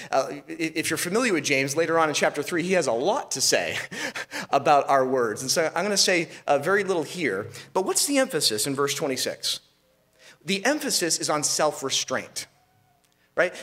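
A man's voice: on the high side, fairly bright tone. A man preaching a sermon as pastor, asking rhetorical questions and restarting phrases as he goes.

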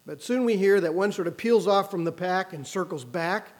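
A man preaching a sermon, expressive, raising his voice when quoting the cries of the people in the story. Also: high voice, normal speed. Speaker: pastor.

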